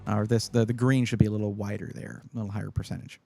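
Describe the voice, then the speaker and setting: A man hosting a live stream, chatting casually and advising viewers, with frequent fillers and sudden bursts of excitement. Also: lowish voice, fast, vocal fry, soft background music. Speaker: livestream host giving PC buying advice.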